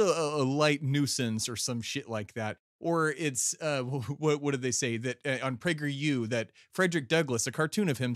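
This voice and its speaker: Brief: heated male caller rant, mid pitch, dry close sound, lots of swearing and restarts. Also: fairly bright tone, no echo. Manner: heated, profane, stumbling over words. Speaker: listener sending in a rant. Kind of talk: angry profane rant.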